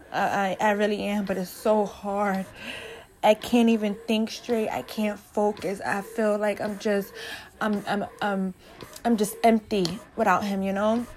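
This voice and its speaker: A woman hosting her own podcast, speaking as a mother of a newborn in intensive care, delivering a personal late-night rant at her workplace in a halting, emotional, rambling way with many restarts. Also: medium pitch, a little hiss or hum, poor audio. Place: at her workplace while pumping.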